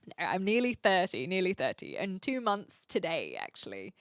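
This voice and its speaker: A woman's voice: medium pitch, huge pitch swings, moderate pace, no echo, studio quality. A woman in her twenties with a New Zealand accent, chatting casually with her live stream viewers, laughing often and teasing herself. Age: 20s.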